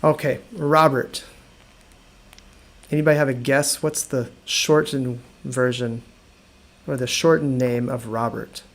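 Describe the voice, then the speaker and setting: An American man teaching an online English lesson, repeating words slowly and joking with viewers. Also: mid-range voice, fairly even intonation, slight background noise. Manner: slow careful repetition of words, friendly and joking.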